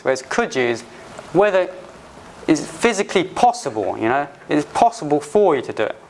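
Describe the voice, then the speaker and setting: A man teaching English phrases to learners, patiently repeating examples slowly and restarting often. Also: a little high, very animated. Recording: faint background noise.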